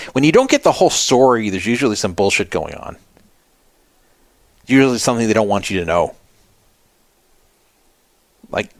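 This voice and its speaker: A skeptical man talks through his podcast on his own in a casual, wry manner. His voice sits at a medium pitch. The recording is close and dry, with no room sound. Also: no room sound. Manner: skeptical, wry, reads viewer comments aloud. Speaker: podcast host. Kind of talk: casual solo commentary.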